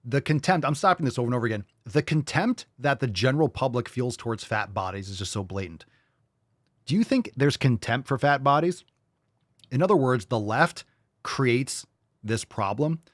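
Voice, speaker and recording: A man's voice: mid-range voice, lively intonation, moderate pace, no room sound. Man, podcast host, livestream reaction, blunt and profane, mocking tone, dry close sound.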